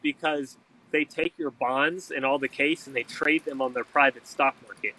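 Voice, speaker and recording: A man, a guest in an interview, telling a story in an animated way and acting out the people he quotes. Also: mid-range voice, moderate pace, poor audio. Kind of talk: storytelling in conversation.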